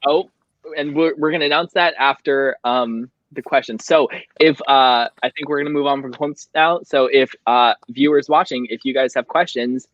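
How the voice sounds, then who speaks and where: A man's voice: mid-range voice, normal speed, a bit bright, no echo, dull audio. A tipsy man hosting a casual book club livestream, emotional and reading passages aloud through a home computer mic on a call. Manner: emotional, reads quotes aloud tearfully. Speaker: show host.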